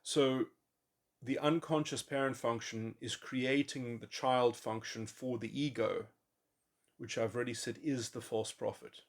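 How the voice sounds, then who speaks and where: A man thinking aloud in a long speculative monologue, halting often and restarting his sentences. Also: mid-range voice, fairly even intonation. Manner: musing, halting, with many restarts and fillers. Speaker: podcast host. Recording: voice memo.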